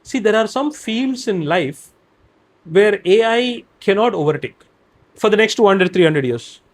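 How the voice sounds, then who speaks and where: A man with a high-pitched voice and a neutral Indian English accent talks in a candid podcast interview. He speaks expansively and emphatically, listing example after example to make his points. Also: animated, unhurried. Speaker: guest, operations director and career trainer.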